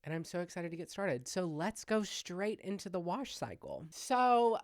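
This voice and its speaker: A man's voice: normal speed, no echo. Young southern guy w/ a louisiana twang, gossipy comedy podcast host, dry close sound. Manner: chatty, gossipy, self-deprecating, lively swings in pitch and loudness. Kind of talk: casual solo podcast chat. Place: home-made podcast set with hung backdrop.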